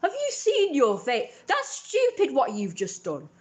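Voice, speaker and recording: A shrill, mocking mother scolds with scorn, as a young woman imitates her. The voice jumps higher and louder than plain talk, and the room echoes around it. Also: lively intonation, unhurried. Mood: scornful. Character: scornful angry middle-aged mother.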